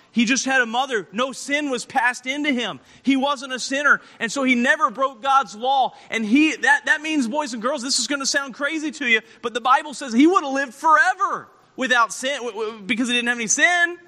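Male preacher, high and sharp-toned, earnest youth sermon with a long hall reverb. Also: moderate pace, hardly any pauses. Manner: earnest, emphatic, with repeated restarts.

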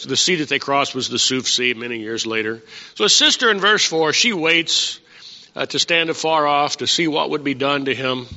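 Guy preaching to the church, asks folks questions, raspy fry, echoey hall, kinda dull recording. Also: a little high, pushed and bright. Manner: conversational, asks the congregation questions. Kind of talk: sermon teaching.

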